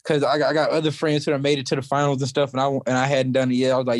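A man's voice: medium pitch, level tone, racing, no echo. Young man, college athlete, laid-back casual chat, lots of "like", dry close recording. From South Georgia, US. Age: young adult. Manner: laid-back, heavy use of "like". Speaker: college wrestler guest.

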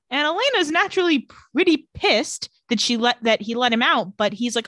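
A woman co-hosting a casual chat, retelling a TV episode with quick put-on character voices and frequent laughs. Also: a little high, lively intonation, a bit bright, no room sound. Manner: storytelling recap, quick mock voices for characters, laughs often. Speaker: podcast co-host recapping a TV episode.

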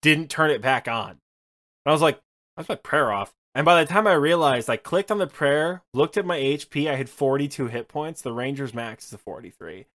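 Animated storytelling male podcast co-host. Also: a little high, moderate pace. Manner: animated storytelling, swearing, laughing. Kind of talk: casual chat about a video game.

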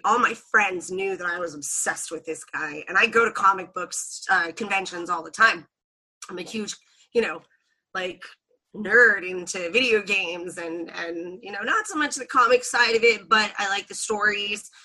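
Woman on a podcast, bright clear voice, lively chatty storytelling w lots of laughing. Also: mid-range voice, unhurried. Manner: animated, laughs often, acts out quotes. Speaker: podcast guest. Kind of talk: casual storytelling chat.

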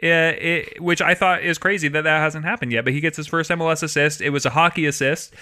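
A man's voice: on the high side, steady tone, fast talker, bright, forceful tone. A man co-hosting a casual sports podcast, telling rambling stories with frequent laughs. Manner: rambling, laughs often, many fillers. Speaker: podcast co-host.

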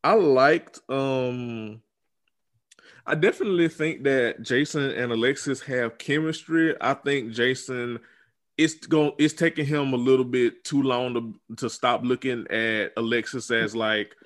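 A man's voice: mid-range voice, unhurried. A man co-hosting a podcast in casual chat, rambling with many ums and restarts. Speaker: podcast co-host. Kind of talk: casual chat reviewing a reality dating show.

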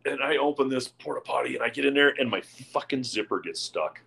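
A man's voice: mid-range voice, a little fast, vocal fry, husky, rough recording. A man, a podcast co-host, telling a crude golf story to friends, laughing and swearing as he goes. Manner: crude, laughing, animated anecdote with heavy swearing. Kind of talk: casual storytelling among friends.

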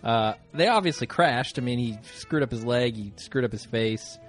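A man co-hosting a casual podcast, easygoing and quick to laugh as he walks through an episode recap. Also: mid-range voice, expressive, soft background music. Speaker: podcast co-host.

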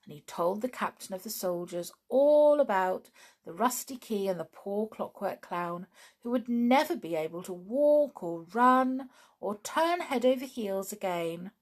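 A woman reads a children's bedtime story aloud, unhurried and gentle. Her pitch rises and falls a great deal, and every line is given expression. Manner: slow, gentle, expressive reading.

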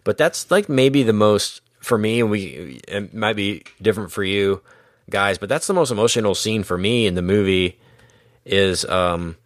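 Podcast co-host, male, very low voice, loose rambling delivery, dry close mic. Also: normal speed, no room sound. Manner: rambling, self-correcting, laughs often. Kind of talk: casual movie-review chat.

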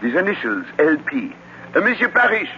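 A man's voice: on the high side, very animated, normal speed, bright, forceful tone, slight background noise. A man playing a fussy, polite Belgian detective with a French-speaking Belgian accent, in a 1940s radio drama, talking in a florid, precise way and dropping in French words. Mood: probing. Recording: dull lo-fi old radio recording.

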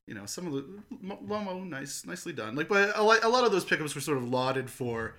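A man co-hosting a podcast, talking baseball in a profane, animated way and laughing often. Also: fairly high pitch, a little fast. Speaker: podcast co-host. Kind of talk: casual sports chat.

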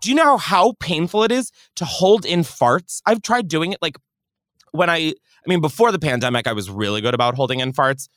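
A man's voice: on the high side, expressive, fairly quick, a bit bright, no room sound, clean studio sound. A man hosting a podcast, answering callers' voice messages in a brash, profane, dramatic way. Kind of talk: casual advice chat.

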